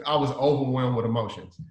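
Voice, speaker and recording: Speaking at a moderate pace in a medium-pitched voice, a South Side Chicago designer recounts a story during an interview where he's the guest. He animatedly performs the lines he quotes, recorded in an echoey room.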